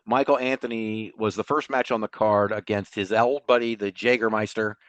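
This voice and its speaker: A man co-hosting a podcast, recapping a show in a casual, animated storytelling way and laughing often. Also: fairly low pitch, normal speed, dry recording, muffled recording. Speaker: podcast co-host.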